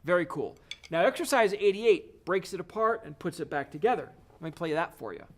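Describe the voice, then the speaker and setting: A man's voice: sits high, animated, fairly quick, a little hiss or hum. A man teaching a drum lesson, explaining each step in an encouraging way. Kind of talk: video lesson.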